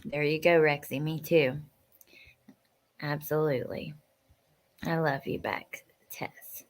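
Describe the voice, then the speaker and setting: A woman hosting a live stream, chatting casually and emotionally as she answers viewer comments, sometimes sinking to a soft near-whisper. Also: low-pitched, fairly even intonation, slow. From West Virginia. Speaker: livestream host.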